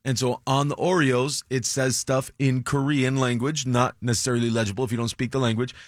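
A man co-hosting a morning radio show, bringing clips and reacting with animated disbelief. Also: medium pitch, fairly quick, no room sound, clean studio sound. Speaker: radio co-host. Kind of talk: casual morning radio banter. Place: radio studio. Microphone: studio microphone.

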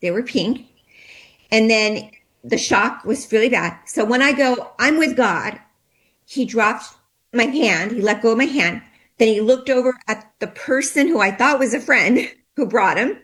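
A woman interview guest recounting a personal experience, shaken and trembling, talking haltingly with many restarts and fillers. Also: on the high side, a bit bright.

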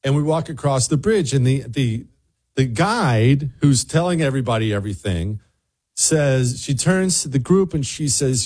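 A man hosting a show, telling a lively anecdote in casual chat and acting out the people in it. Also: medium pitch, moderate pace, husky. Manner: animated anecdote telling, voices other people in quotes. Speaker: radio show host.

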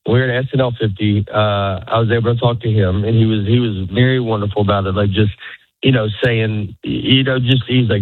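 A man's voice: fairly low pitch, fairly even intonation, brisk, dry recording. A stand-up comedian in his forties, chatting in a rambling way with lots of restarts and laughs, as a guest in an interview. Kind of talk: casual interview chat. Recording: tinny phone-like radio line, dry.

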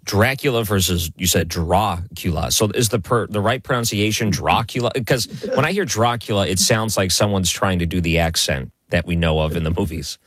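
A man's voice: sits low, fairly quick, few pauses, a bit bright, breathy edge, dry recording. A man hosting an interview, curious, asking follow-up questions. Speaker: interview host.

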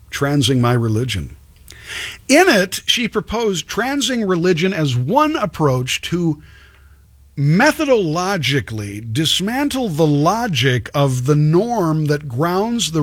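A man's voice: fairly high pitch, slightly rough. A man hosting political commentary, reading an article aloud with sarcastic, scornful asides. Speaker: commentary host.

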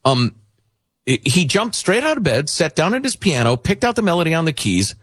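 Male talk radio host, husky and animated, dry studio mic, chatty and rambling. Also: on the high side, moderate pace, dry recording. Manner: rambling, chatty, many fillers and restarts. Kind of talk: casual talk radio chat.

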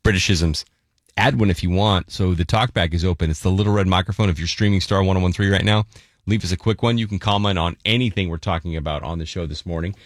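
A man hosting a morning radio show, chatting playfully with quick asides. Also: deep voice, no room sound, clean studio sound. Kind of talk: casual radio chat. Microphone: studio microphone.

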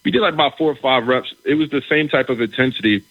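Husky-voiced man telling a story. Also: mid-range voice, fast talker, no echo. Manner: animated, restarts phrases, asks "right?" often. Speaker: guest, former pro football player. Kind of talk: casual storytelling in conversation. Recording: dull, slightly lo-fi recording.

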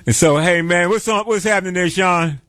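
A male host, excitable and quick to laugh, who repeats himself as he juggles callers. His voice is a little higher than most men's. The sound is close and dry. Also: dry recording. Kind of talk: call-in tribute show.

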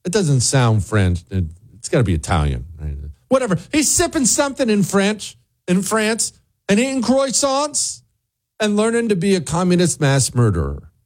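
A man hosts a talk show with a mocking, ranting commentary. His voice sits a bit high and leaps around in pitch, often jumping up for emphasis. He keeps wandering off into asides before returning to his point. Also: huge pitch swings, normal speed. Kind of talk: opinionated commentary monologue.

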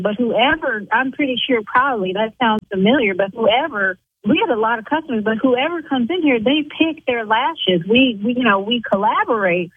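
A woman who owns an eyelash salon, arguing indignantly on a phone call, her voice climbing high when she gets angry. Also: slightly rough, no echo. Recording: tinny phone line.

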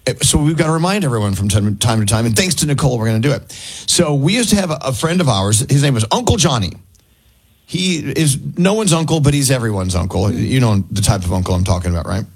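A middle-aged man hosting a morning radio show, chatty and quick to laugh. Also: mid-range voice, expressive, breathy edge, poor audio. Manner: chatty, jokey, laughs easily. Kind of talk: casual radio chat. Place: radio studio.

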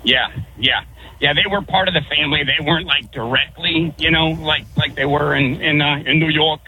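A man from Connecticut calling into a radio show, rambling through a story with many pauses and restarts. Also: fairly high pitch, steady tone, sharp tone, slight background noise, low-quality recording. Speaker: caller. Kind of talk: phone-in storytelling.

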